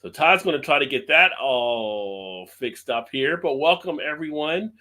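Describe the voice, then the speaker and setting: A man's voice: a little high, expressive, measured pace, hardly any pauses, sharp tone. A man hosting a casual live stream, greeting viewers by name and laughing often. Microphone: webcam close up.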